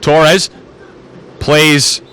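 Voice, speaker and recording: A man's voice: fairly high pitch, flat delivery, extremely slow, sharp tone, smooth, a faint crowd. A man doing play-by-play commentary on a live soccer match, switching between calling the action and chatting with his partner.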